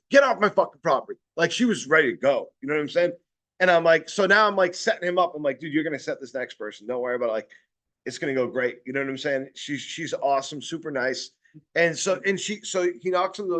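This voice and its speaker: A man with a somewhat high voice runs a casual sales training session. He rambles and restarts, swears freely, and keeps checking in with his listeners. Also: fairly bright tone.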